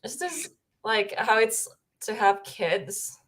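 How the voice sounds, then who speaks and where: A woman's voice: on the high side, expressive, slow, a bit bright. Brief: young woman streamer from Finland, giggly and rambling, casual home chat at a desk mic. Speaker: streamer host.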